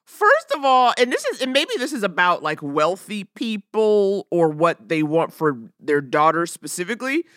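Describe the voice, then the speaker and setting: Woman, podcast co-host, animated, mock-indignant, bright, dry close sound. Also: mid-range voice, dry recording. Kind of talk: casual chat recapping a movie.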